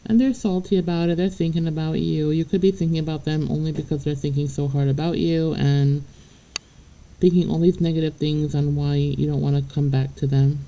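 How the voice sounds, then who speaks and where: A tarot reader speaks directly to the viewer in a low, dark voice with fairly even intonation and a brisk pace, over poor audio. Her casual spiritual reading is blunt and profane, chatty and laughing between points, and she keeps checking in with "okay?"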